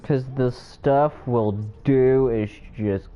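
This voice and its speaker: A man playing a game and chatting casually in an excited, rambling manner. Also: medium pitch, slow pace, clear, resonant tone, dull audio. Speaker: gamer. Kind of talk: game commentary.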